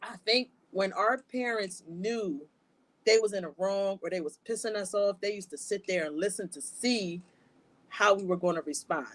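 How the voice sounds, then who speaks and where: A woman co-hosting a podcast, telling stories in a lively way and laughing often. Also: mid-range voice, moderate pace, slight background noise. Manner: animated storyteller, laughs often. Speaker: podcast co-host. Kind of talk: casual chat.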